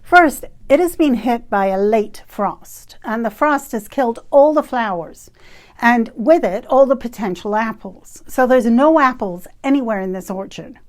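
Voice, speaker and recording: A woman in her fifties from Canada tells a personal story with a fairly high voice. She speaks in an animated, emphatic way and laughs now and then. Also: unhurried. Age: 50s. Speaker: retreat facilitator.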